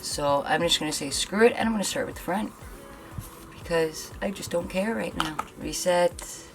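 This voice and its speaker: A woman's voice: fairly low pitch, normal speed, music in the background. A young woman from Canada vlogging a hair tool demo, talking bluntly and venting her frustration. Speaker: beauty vlogger. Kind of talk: frustrated product demo vlog.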